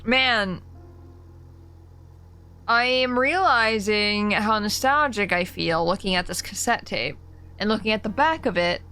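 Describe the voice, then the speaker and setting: A woman's voice: medium pitch, unhurried, pauses often, bright, forceful tone. Giggly young woman streaming a game. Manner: giggly, chatty, easily startled. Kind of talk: casual live-stream commentary.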